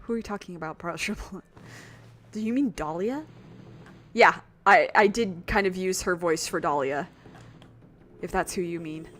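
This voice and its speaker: A woman's voice: on the low side, normal speed, long pauses, fairly bright tone. Chatty woman streaming a game. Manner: chatty and self-deprecating, rambling with fillers and swearing. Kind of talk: casual gaming stream chat.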